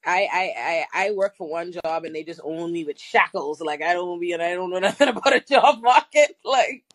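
A woman from the West Indies hosting a live call-in podcast, an attorney who talks in an animated, teasing, slangy way. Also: on the low side, normal speed, no echo. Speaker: host and attorney.

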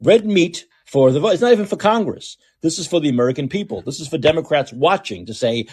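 A man's voice: fairly high pitch, expressive, fast, few pauses, a little mellow, breathy edge, no room sound. A man hosting a podcast with opinionated political commentary, talking in a sarcastic, mocking, repetitive way. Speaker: podcast host.

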